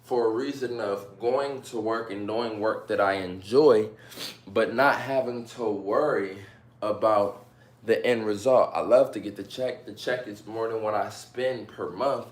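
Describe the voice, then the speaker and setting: A man's voice: fairly low pitch, unhurried, reverberant. A man casually chatting and joking with viewers during a live stream, talking straight to them. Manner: chatty, playful, addresses viewers directly.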